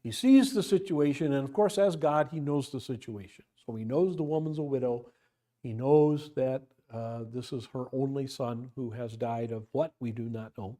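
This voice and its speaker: A man's voice: mid-range voice, moderate pace, dark tone. A man teaching an informal Bible class, talking conversationally, asking rhetorical questions and acting out quotes. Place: church classroom.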